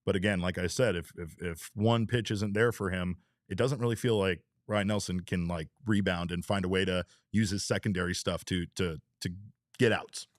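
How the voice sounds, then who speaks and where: A man's voice: low-pitched, fairly even intonation, moderate pace, no echo, studio quality. A man hosting a sports podcast in a casual chat style, talking freely, reading out viewer comments and swearing lightly. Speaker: podcast host.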